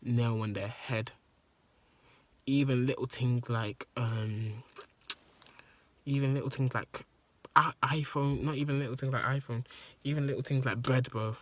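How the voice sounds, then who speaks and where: A man's voice: medium pitch, fairly even intonation, measured pace, pauses often. A man telling an emotional story in a rambling, profane monologue that repeats itself. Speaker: vlogger.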